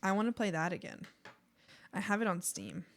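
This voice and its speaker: A woman's voice: medium pitch, sing-song, fairly quick. A young woman streaming live, chatting casually and giggling often as she talks to her viewers and to the animals on screen.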